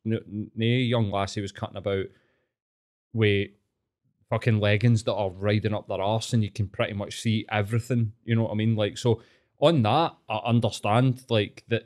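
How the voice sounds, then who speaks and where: This Glaswegian podcast host, from Scotland, tells stories in casual chat, swearing heavily and narrating with real animation. His voice sits lowish and he talks at a moderate pace.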